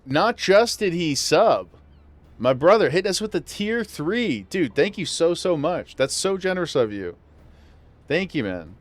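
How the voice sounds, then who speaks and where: A man's voice: fairly high pitch, big pitch swings, unhurried, no room sound. A man streaming a game, chatting casually and enthusiastically thanking viewers. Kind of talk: casual gameplay livestream chat.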